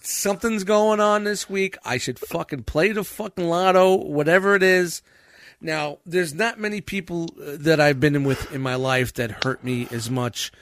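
A man's voice: fairly high pitch, moderate pace, no room sound. Profane, laughing storyteller man. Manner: profane, animated, laughs often mid-story. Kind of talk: casual storytelling chat.

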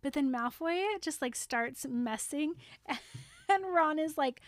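A woman's voice: sits high, lively intonation, slow pace, dry recording, clean studio sound. A woman co-hosting a podcast, chatting casually and gushing about a book, laughing often. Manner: giggly, gushing, playful. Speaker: podcast co-host. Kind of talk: casual book-club chat.

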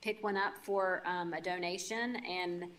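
A woman's voice: on the low side, fairly even intonation, measured pace, fairly bright tone. A woman guest in an interview, talking casually and thoughtfully with fillers.

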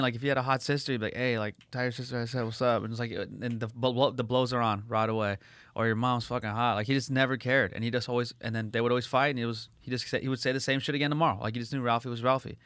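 Male host, rapid and rambling, casual and profane, dry sound. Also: mid-range voice, steady tone, fairly bright tone, dry recording. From Los Angeles. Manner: fast, rambling, swears a lot, acts out voices for laughs. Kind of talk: casual chat.

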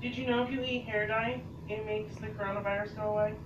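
A woman's voice: mid-range voice, steady tone, fast talker, dull audio, a little hiss or hum. A woman at home making dry, joking remarks from off to the side. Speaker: vlogger's wife.

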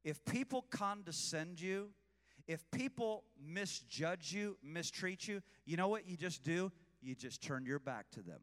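A man preaching a sermon with passion, swinging between shouting and hushed asides. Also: sits high, lively intonation, unhurried, long reverb tail.

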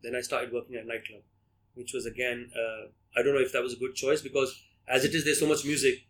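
A man's voice: mid-range voice, little pitch movement, fast, fairly bright tone, low-quality recording. A middle-aged man from India, a guest on an interview, telling stories casually with many hesitations and restarts. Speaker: guest, media company director.

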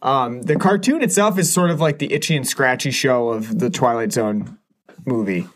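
A man's voice: mid-range voice, moderate pace. A man co-hosting a casual film review chat, rambling with many fillers and restarts. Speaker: podcast co-host reviewing a film.

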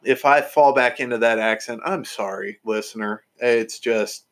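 A man's voice: medium pitch, normal speed, fairly bright tone. A man hosting a podcast, chatting casually and enthusiastically with lots of fillers and restarts. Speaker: podcast host.

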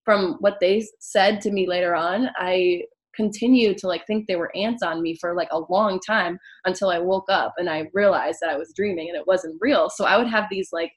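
A young woman in relaxed conversation tells her stories with animation. She slips into acted, panicky quotes as she goes. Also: fairly low pitch. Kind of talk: casual chat.

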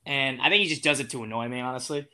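An eighteen-year-old man, a podcast guest, chats casually and rambles with lots of fillers and restarts. He talks at a racing pace in a medium-pitched voice that sounds pushed and bright.

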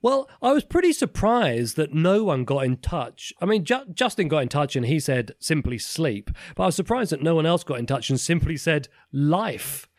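A man's voice: fairly high pitch, sing-song, normal speed, few pauses, no echo, clean studio sound. A British man in his thirties co-hosting a podcast, chatting casually and laughing often at his own jokes. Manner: laughs often, self-deprecating. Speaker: podcast co-host. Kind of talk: casual chat.

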